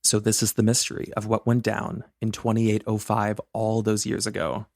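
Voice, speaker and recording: A man's voice: on the low side, monotone, moderate pace, vocal fry, darkish tone, no room sound, studio quality. A man co-hosting a true-crime podcast in casual chat, chatty and bubbly, joking and rambling. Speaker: podcast co-host.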